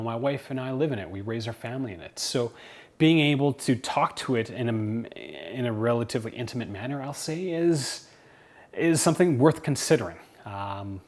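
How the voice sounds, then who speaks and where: A man speaking English as his first language, chatting casually and animatedly as he reviews smart home platforms. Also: mid-range voice. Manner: chatty, animated, self-deprecating humor. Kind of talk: casual tech review to camera.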